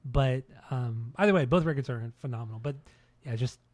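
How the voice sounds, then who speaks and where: A man's voice: mid-range voice, brisk, a little mellow, no room sound. A man in his thirties hosting a casual podcast, rambling and swearing with lots of restarts. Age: 30s. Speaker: podcast host.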